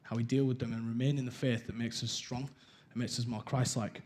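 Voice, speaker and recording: A young man candidly sharing his personal testimony in a conversational way, with halting restarts. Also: medium pitch, little pitch movement, darkish tone.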